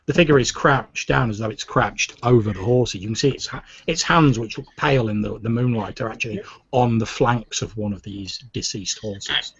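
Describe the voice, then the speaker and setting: A man narrating a tabletop game as game master, describing scenes in a measured way. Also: medium pitch, fairly bright tone, breathy edge, lo-fi sound. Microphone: desk USB microphone.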